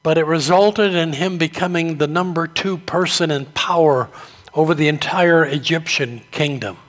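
A man preaching a sermon, telling stories slowly and deliberately. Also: on the high side, fairly bright tone. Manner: slow, deliberate storytelling delivery. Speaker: pastor.

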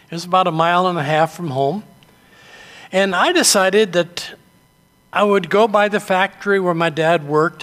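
An older man from New England preaching a sermon, telling stories in a measured, earnest way. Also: high-pitched, fairly bright tone, in a large hall. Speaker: pastor.

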